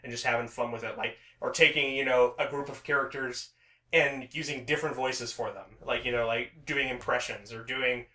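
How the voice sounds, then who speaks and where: Guy rambling on a podcast, lots of "like"s, bright edgy voice, roomy echo. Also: medium pitch, steady tone, normal speed. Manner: rambling, many restarts and "like" fillers. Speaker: podcast co-host. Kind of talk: casual chat.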